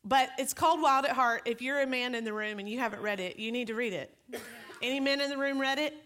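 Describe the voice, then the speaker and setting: A woman pastor giving a conversational sermon, lively and joking as she tells stories on herself. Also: sits high, fast. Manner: lively, joking, self-deprecating storytelling.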